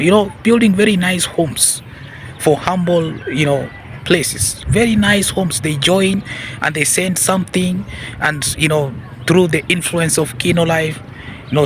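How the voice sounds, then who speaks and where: A man's voice: fairly high pitch, unhurried, a little hiss or hum. Man musing to his audience. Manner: repetitive, addresses audience as ladies and gentlemen; peppers talk with hmm and huh. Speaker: commentary channel host. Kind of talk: casual commentary monologue.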